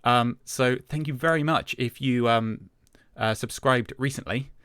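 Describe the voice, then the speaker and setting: A man's voice: medium pitch, measured pace, smooth, dry recording, clean studio sound. A man hosting a Minecraft let's-play, casually talking through what he does with many hesitant fillers. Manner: relaxed, self-talking as he plays. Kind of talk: casual gameplay commentary.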